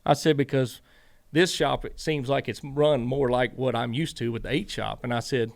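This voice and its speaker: Gravelly man telling racing stories. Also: mid-range voice, moderate pace. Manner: animated storyteller, acts out quoted dialogue. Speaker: podcast guest, former crew chief. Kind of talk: casual storytelling interview.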